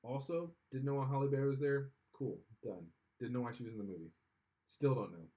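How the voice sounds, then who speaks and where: A man's voice: medium pitch, a little fast, mellow. A man co-hosting a podcast, giving blunt, opinionated takes in casual chat and often trailing off. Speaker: podcast co-host. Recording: slightly dull lo-fi sound.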